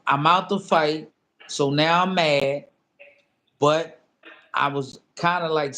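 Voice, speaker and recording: Animated middle-aged man telling a story. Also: a little high. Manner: animated storyteller who acts out both sides of a phone call; loose, repetitive phrasing with many fillers. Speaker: interview guest, former boxer. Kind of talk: casual storytelling in a sit-down interview.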